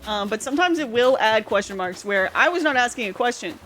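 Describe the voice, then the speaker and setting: A woman's voice: a little high, expressive, brisk, fairly bright tone. Chatty young Canadian woman streamer. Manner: chatty, rambling with many fillers. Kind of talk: casual livestream chat. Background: faint game music.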